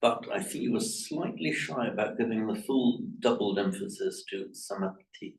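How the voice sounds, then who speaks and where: A man teaching a language class, correcting his students' pronunciation in a halting, repetitive way. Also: lowish voice, expressive. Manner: hesitant, repeats words, corrects pronunciation. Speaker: Pali teacher. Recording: echoey room, mic far off.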